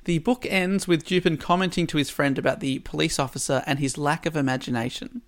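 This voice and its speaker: Summing up a story's plot in casual fashion, this podcast host drops dry asides as he goes. He's gravelly and a touch high-pitched for a man, steady in tone and a little fast.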